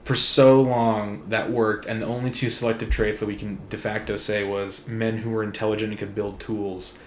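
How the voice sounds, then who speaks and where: A man's voice: lowish voice, little pitch movement, moderate pace. Sardonic man telling stories in an echoey room. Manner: sardonic storyteller, acts out quoted voices. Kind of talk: casual conversation. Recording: echoey room, faint background noise.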